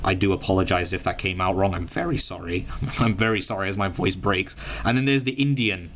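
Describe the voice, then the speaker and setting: Halting young man explaining. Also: deep voice, fairly even intonation, fairly bright tone, slight background noise. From Malaysia. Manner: hesitant, halting with many fillers and restarts; explains slowly, spells out names letter by letter. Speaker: gaming video creator. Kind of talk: casual explainer commentary.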